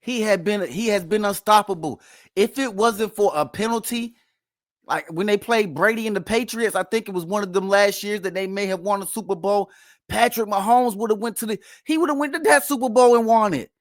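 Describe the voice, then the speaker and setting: Man host, higher pitch, dry close sound, emphatic mocking sports reactions. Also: brisk, dry recording. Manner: emphatic, playfully mocking, repeats himself. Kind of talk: casual sports reaction commentary.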